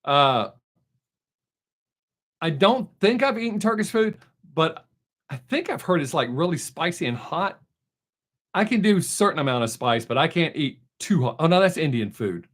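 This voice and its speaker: An older man hosting a live stream, chatting casually with viewers in a relaxed, rambling way, full of fillers and restarts. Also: on the high side, moderate pace, pauses often. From United States. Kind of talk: casual chat answering viewers.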